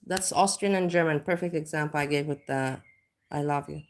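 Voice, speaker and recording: A woman's voice: deep voice, fairly even intonation, brisk, darkish tone. A woman chatting on a livestream, rambling with many restarts and filler words. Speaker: livestream host. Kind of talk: casual livestream chat.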